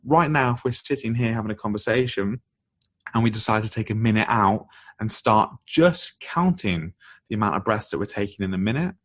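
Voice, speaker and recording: A man being interviewed as a guest author on a podcast, explaining ideas in an energetic, conversational way. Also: medium pitch, no echo.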